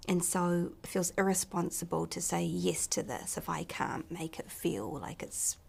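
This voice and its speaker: A woman with a New Zealand accent, an actress chatting in an interview, softly and often dropping to a near-whisper. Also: fairly low pitch, fairly even intonation, measured pace, creaky, slightly rough. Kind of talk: casual interview chat.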